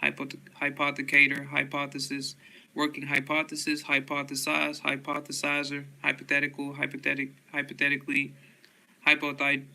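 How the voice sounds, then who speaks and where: A man with a drawl reads a dictionary word by word in a steady rhythm. His voice is bright and crisp, with a gravelly edge. He trips over the tricky words and starts them again. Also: a little high, fairly quick, poor audio. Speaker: host reading a dictionary aloud. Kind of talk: rapid word-list reading.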